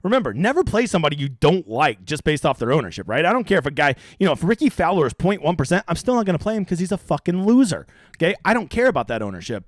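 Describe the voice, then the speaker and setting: A young man talks fast and brashly, his pitch leaping around as he rambles through profane strategy talk. His voice sits a little high for a man. The sound is dry and close, with no room echo. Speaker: fantasy sports streamer.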